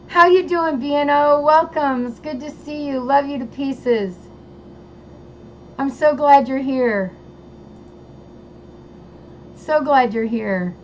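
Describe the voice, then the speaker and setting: A woman hosting a casual livestream, bubbly and gushing as she greets chatters by name. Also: fairly high pitch. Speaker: livestream host. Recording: dull lo-fi sound with faint noise.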